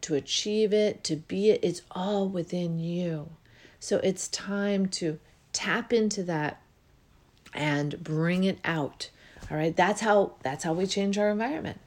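Woman, host, spiritual self-help talk, earnest, reflective, slightly low voice. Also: darkish tone. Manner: earnest, reflective, with drawn-out pauses. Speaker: host and life coach.

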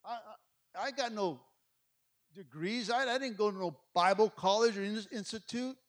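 A man's voice: high voice, moderate pace. A middle-aged male pastor from Mexico preaching a sermon, passionate and full of stories, often repeating words as he gets going. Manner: passionate, storytelling, repeats words when excited.

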